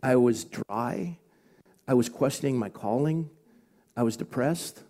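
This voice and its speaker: A male pastor telling a personal story in a sermon, confessional and animated, acting out the other people's voices as he goes. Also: medium pitch, unhurried.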